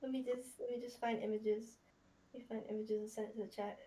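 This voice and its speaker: A woman's voice: on the high side, level tone, quick pace, mellow. A woman running a tabletop game as game master, narrating casually, rambling and laughing often, and swearing.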